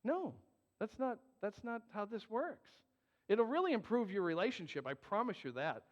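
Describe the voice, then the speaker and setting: High-voiced pastor preaching in a reverberant hall. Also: male voice, big pitch swings, moderate pace. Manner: earnest, joking asides, emphatic. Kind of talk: sermon. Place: church sanctuary. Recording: dull, long hall reverb.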